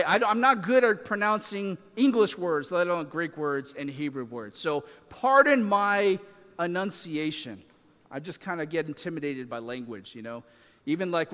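A man's voice: a little high, a bit bright, in a large hall. A man preaching a sermon as a pastor, talking in a conversational way with fillers and self-deprecating asides.

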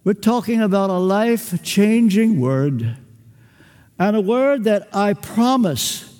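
An older man preaching a sermon, emphatic, acting out little dialogues and pausing for weight. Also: high-pitched, a little mellow. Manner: emphatic, with acted-out dialogue and long pauses. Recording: church with long reverb.

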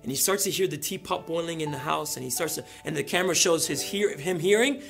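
A male pastor preaching a sermon, telling a story and building to loud emphatic peaks. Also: on the high side, quick pace, creaky, soft background music.

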